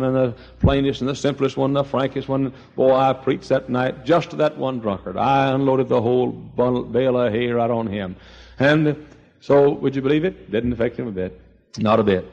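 An older man preaching a sermon, telling folksy stories and swinging between quiet asides and loud, high exclamations. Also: steady tone, normal speed, gravelly, highs cut off. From East Texas. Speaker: pastor.

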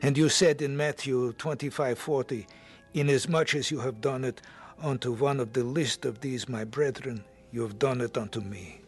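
Earnest gravelly male radio-drama narrator. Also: medium pitch, normal speed, faint music behind. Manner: earnest, heartfelt. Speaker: narrator and lead actor.

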